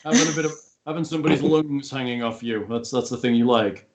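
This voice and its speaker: A man's voice: medium pitch, quick pace, slight background noise. A man narrating as game master for a tabletop game, casual and chatty, leaning on filler phrases. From not from Texas. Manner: leans on filler phrases like "ultimately".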